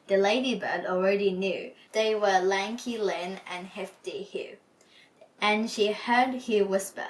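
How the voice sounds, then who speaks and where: A woman hosting a book club episode, reading a children's picture book aloud in a gentle storytelling manner. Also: medium pitch, a little slow, distant mic, poor audio. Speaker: storybook reader.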